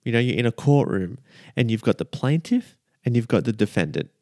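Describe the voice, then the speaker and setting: A man preaching a lively, emphatic sermon as a minister, often checking in with the listeners. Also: mid-range voice, fairly quick, no echo, clean studio sound.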